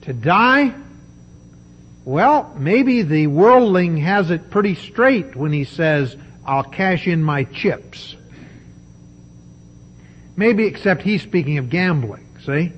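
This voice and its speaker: A man preaching a sermon, emphatic and deliberate, with dramatic pauses. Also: fairly high pitch, animated, breathy edge, dull audio.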